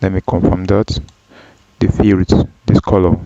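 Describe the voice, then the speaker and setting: A man teaching a data analysis tutorial, walking through each step slowly with frequent ums and self-corrections. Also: sits low, flat delivery, creaky, dark tone, no room sound. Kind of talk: screen-recorded software tutorial. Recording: dull, dry lo-fi voice track.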